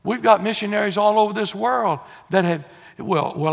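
Gravelly preacher in a reverberant church. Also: male voice, moderate pace, few pauses. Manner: folksy, swings from low confiding asides to loud exhortation. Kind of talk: sermon. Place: church sanctuary. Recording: long church-hall reverb.

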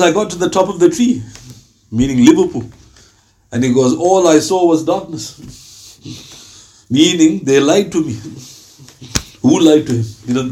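A man with a slightly high, mellow voice gives an informal Islamic talk as a preacher. He speaks conversationally, acting out little dialogues and posing rhetorical questions.

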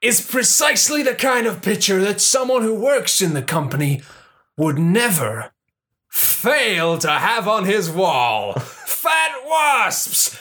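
A pompous, unhinged boss who blusters and shouts, as a man puts him on, in a bright, lively high voice. He swings around a lot as he talks. It sounds like a loose comedy sketch. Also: full character voice. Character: pompous, unhinged male boss, middle-aged.

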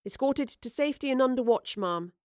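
A woman voicing a dutiful female officer who reports in a formal, crisp military manner, in an audiobook. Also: high-pitched, lively intonation, fairly quick, a little mellow, no echo, clean studio sound, pitched above the performer's own voice.

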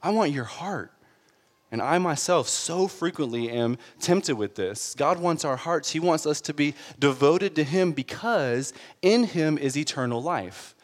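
A man's voice: a little high, expressive, a little slow, few pauses, long reverb tail. A man preaching a sermon in an earnest, conversational way, building to emphatic peaks. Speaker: pastor.

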